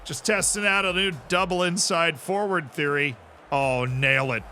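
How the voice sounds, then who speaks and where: A man's voice: on the high side, unhurried, pushed and bright, soft background music. A man streaming a football management game, chatting casually, reacting to the match and answering his chat. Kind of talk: live gameplay commentary.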